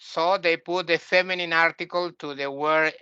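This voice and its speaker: A man lectures on spiritual practice, blunt and opinionated, often circling back to repeat his point. His voice sits fairly high and sounds bright and tense. The recording is dry and a little dull. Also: fairly even intonation, normal speed, smooth, dry recording. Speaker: spiritual teacher. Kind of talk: spoken lecture.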